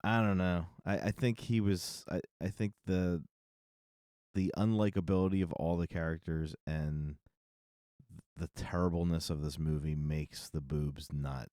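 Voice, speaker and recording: A man's voice: low voice, steady tone, measured pace, dark tone, no room sound, studio quality. A man co-hosting a film podcast, talking in a laid-back way and often stumbling over his words. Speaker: podcast co-host. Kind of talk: casual film discussion.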